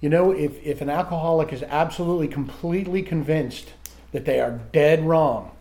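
In a recovery group, a middle-aged man shares candidly, mocking himself and speaking haltingly as he keeps restarting sentences. His voice is fairly high and a little mellow.

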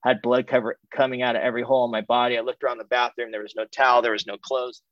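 A man's voice: medium pitch, little pitch movement, dry recording. A middle-aged man from California giving a candid personal testimony to a recovery group, repeating phrases and restarting his sentences. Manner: candid, repetitive, halting restarts. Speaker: speaker sharing his recovery story. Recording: dull, muffled, dry sound.

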